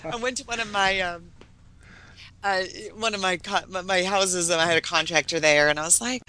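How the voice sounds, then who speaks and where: A woman's voice: normal speed, a little hiss or hum. A middle-aged woman talking as a real estate investor guest, telling stories and acting out quoted voices. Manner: animated storyteller, acts out quoted voices in a high sweet tone. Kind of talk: casual interview chat.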